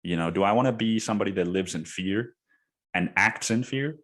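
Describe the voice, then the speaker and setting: A young man with a deep voice hosts his podcast and tells a story. He talks casually, swears freely and tosses in "dude" every few lines. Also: a little fast, a bit bright. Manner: casual, profane, says "dude" a lot. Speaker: podcast host.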